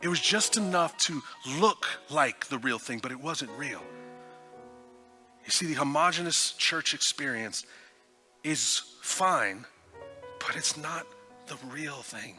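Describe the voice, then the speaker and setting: A man from Texas preaching with a very bright, forceful tone and soft music playing behind him. He talks with frequent stammered restarts and sinks into a hushed voice when the story turns tender. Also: a little high, expressive, slow pace, long pauses. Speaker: guest preacher. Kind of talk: sermon.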